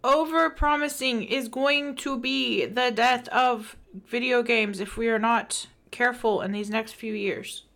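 A young woman with a bright, forceful tone speaks slowly and deliberately on a casual gaming podcast. She jokes around often and keeps agreeing with her co-host. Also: fairly high pitch, fairly even intonation, vocal fry. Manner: laughs easily, jokes and backs up her co-host. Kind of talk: casual gaming news chat.

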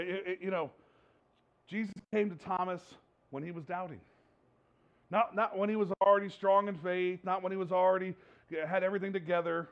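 A man preaching a sermon in a lively, repetitive way, stumbling over words and acting out the people he quotes. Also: sits high, creaky, dull audio. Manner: animated, repeats himself, acts out quotes. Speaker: pastor. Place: church hall with slides.

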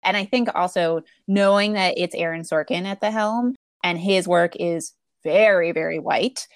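A woman's voice: lowish voice, normal speed, no echo, clean studio sound. A woman in a casual film discussion, speaking bluntly and critically, sometimes swearing.

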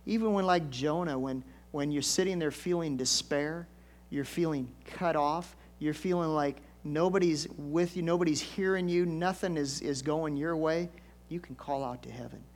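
A man's voice: on the high side, normal speed. An older man, a pastor, preaching a conversational storytelling sermon with folksy asides and emphatic swells.

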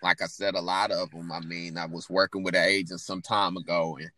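A man's voice: sits low, flat delivery, brisk, pushed and bright, no echo. A man from Indianapolis, a comedian chatting casually on a podcast, laid-back and loose with his swearing. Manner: laid-back, swears, does mocking voices in stories. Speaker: comedian guest.

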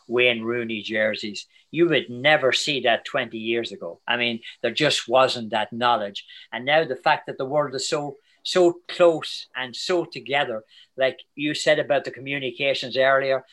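Bright-voiced older Irish man. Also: medium pitch. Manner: chatty storyteller, animated, quick asides. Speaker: guest soccer commentator. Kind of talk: casual interview chat.

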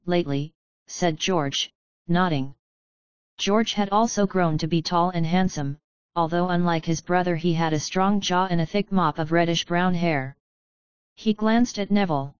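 A woman narrating a story in a steady, even reading voice. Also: lowish voice, smooth, no room sound, lo-fi sound. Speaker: audiobook narrator. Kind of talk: scripted narration.

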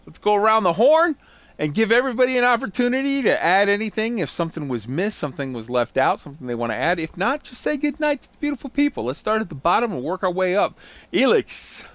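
Lively, swearing podcast host man. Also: sits high, fast, no echo. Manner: loose, swearing, jokey. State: tired. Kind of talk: casual gaming podcast chat.

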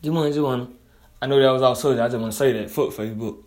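A man's voice: mid-range voice, racing, a little mellow. A man delivering a blunt, profane, heated casual monologue as a commentator.

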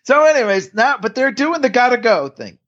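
Lively, rambling man on a lo-fi podcast. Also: very high-pitched, fairly quick. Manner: rambling, lots of restarts and laughter. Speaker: podcast co-host. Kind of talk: casual chat recapping a TV episode.

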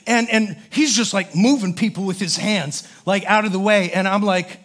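A male pastor preaches with a high, light voice. He tells his stories in an animated way, acting out the other people's lines and filling his talk with "like" and "um". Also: moderate pace. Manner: animated storyteller, acts out voices, many fillers. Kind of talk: sermon with storytelling.

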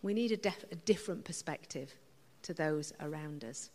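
A woman's voice: low voice, normal speed, darkish tone. A British woman preaching a sermon in church, earnest and conversational with frequent fillers. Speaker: guest preacher. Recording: long church reverb.

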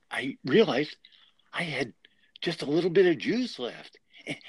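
A man's voice: mid-range voice, vocal fry, dry recording. A man in his sixties earnestly telling a personal survival story as an interview guest. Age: 60s. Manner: earnest, emotional retelling.

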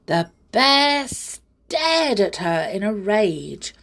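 A woman reading a children's story aloud with expressive, slow delivery and whispered asides. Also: medium pitch.

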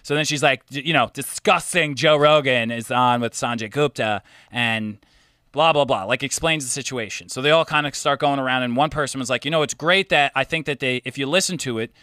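A man's voice: mid-range voice, fairly quick, smooth, no echo, studio quality. A man hosting a podcast, telling stories animatedly and swearing a lot. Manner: animated storyteller, swears a lot, mimics others. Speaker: podcast host. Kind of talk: casual chat.

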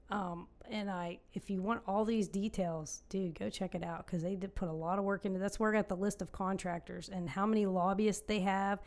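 A woman co-hosting a casual political podcast, often restarting her sentences and reading aloud from a report. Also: mid-range voice. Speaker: podcast co-host.

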